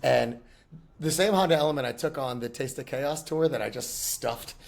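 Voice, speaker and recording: A man's voice: medium pitch, moderate pace, gravelly. A middle-aged man chatting casually as a podcast guest, telling rambling anecdotes and laughing often. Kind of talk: casual chat.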